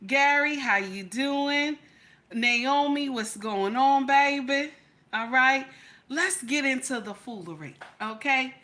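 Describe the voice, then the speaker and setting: Middle-aged woman, bright and high-ish, easy livestream-host banter full of "okay?" and "baby.". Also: slow pace. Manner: chatty, greets viewers by name, repeats "okay?" and "baby". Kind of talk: casual live chat.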